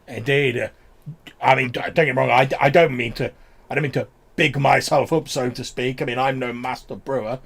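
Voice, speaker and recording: Bluff ale-brewing companion, played by a man, gravelly, stumbles over words. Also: medium pitch, fairly even intonation, brisk, a bit bright. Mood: boastful.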